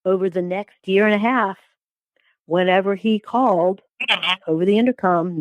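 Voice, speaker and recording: A woman in her sixties giving a personal testimony as an interview guest, halting, with repeated words and restarts. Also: mid-range voice, no echo, highs cut off. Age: 60s.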